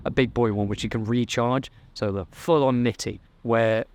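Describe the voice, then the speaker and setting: A man's voice: medium pitch, steady tone, moderate pace, darkish tone. A young man, giving a blunt, swearing motivational talk to camera as a self-improvement vlogger. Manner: blunt, profane, fired-up.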